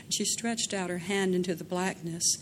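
A woman's voice: lowish voice, steady tone, normal speed, a little hiss or hum. Woman narrating a dramatic audiobook.

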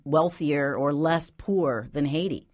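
A woman hosting a radio interview, asking questions in a relaxed way with many small fillers. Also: deep voice, slow, no echo, studio quality. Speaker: radio host.

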